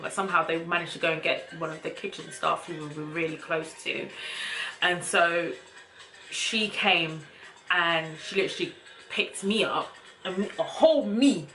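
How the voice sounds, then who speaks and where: A young woman vlogger casually telling a personal story to camera in a chatty, animated way, with slang. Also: on the low side, normal speed, faint music behind, poor audio.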